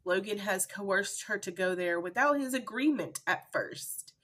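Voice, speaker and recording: A woman's voice: medium pitch, animated, measured pace, a bit bright. Chatty woman reviewing a book. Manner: chatty and emotional, with fillers. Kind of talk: casual book review vlog.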